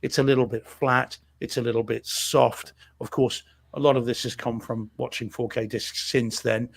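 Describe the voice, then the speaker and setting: A man's voice: mid-range voice, level tone, normal speed, creaky, husky. A man co-hosting a home theater show, chatting casually about a film with lots of fillers and restarts. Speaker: podcast co-host reviewing films. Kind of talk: casual chat.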